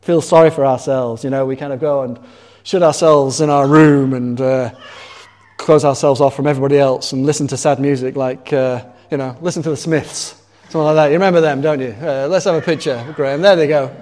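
A man's voice: medium pitch, steady tone, fairly quick, darkish tone. A man preaching a sermon in a conversational way, asking the congregation questions. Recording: long reverb of a large hall.

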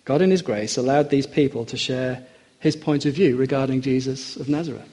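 A man delivering a sermon in an earnest, emphatic way. His voice is mellow and a little husky. He slows down when he quotes scripture. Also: medium pitch. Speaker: preacher.

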